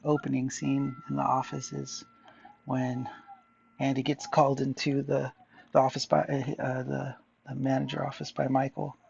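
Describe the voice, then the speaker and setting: A man's voice: medium pitch, completely flat delivery, normal speed, vocal fry, a little mellow, dull audio, slight background noise. A man chatting casually to viewers while drawing, rambling and musing aloud, often answering himself. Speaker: artist vlogger.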